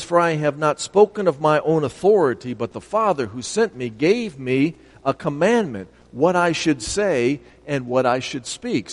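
A male preacher gives a sermon, reading scripture aloud and explaining it, sometimes stumbling on a word. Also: a little high. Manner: stumbles on words and asks the audience for help. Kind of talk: sermon Bible teaching. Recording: long hall reverb.

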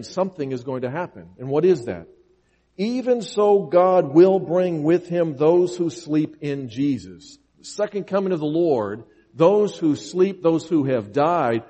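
A man delivers an earnest sermon, reading verses aloud and pressing each point with emphatic repetition. His voice sits a little high yet sounds mellow and slightly husky. It rings out with the long reverb of a large hall. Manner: earnest, emphatic scripture preaching with repeated phrases. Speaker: preacher.

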